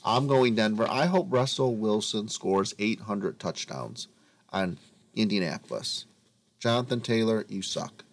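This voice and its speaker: A man with a lowish voice rants through casual sports talk, addressing his listeners as folks. He swings between grumbling and big theatrical declarations, co-hosting a podcast. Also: lively intonation, a little slow. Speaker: podcast co-host.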